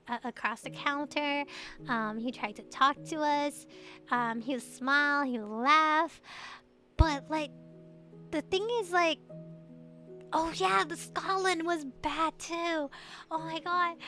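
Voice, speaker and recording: Young girl streamer, high voice, rambly, says like a lot, giggles, quiet music in the back. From Taiwan. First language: Mandarin. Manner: rambling and chatty, full of "like" and giggles. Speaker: VTuber streamer. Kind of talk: casual late-night stream chat.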